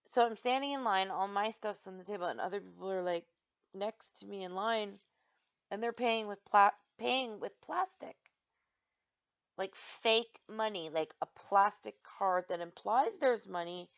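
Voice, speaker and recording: A woman vlogger telling a story and ranting in an exasperated, animated way, full of "like"s. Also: medium pitch, unhurried. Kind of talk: casual ranting monologue. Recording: slightly dull lo-fi sound.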